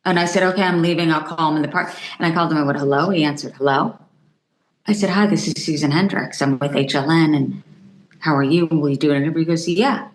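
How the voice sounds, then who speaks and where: Animated woman telling stories, echoey room. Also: low-pitched, fast talker. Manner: animated storytelling, acts out quoted voices. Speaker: journalist guest. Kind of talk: conversational podcast interview.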